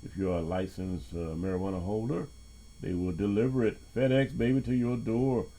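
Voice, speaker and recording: A man's voice: on the low side, brisk, dark tone. A man hosting his own podcast in a loose, profane monologue, laughing often and jumping between topics. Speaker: podcast host. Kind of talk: casual monologue.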